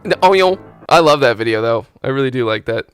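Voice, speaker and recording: A man live-streaming a game, ranting loudly with heavy swearing, then dropping into muttering. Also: medium pitch, quick pace, soft background music. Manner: loud profane ranting; animated, swings from loud to muttering. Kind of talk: casual live-stream chat.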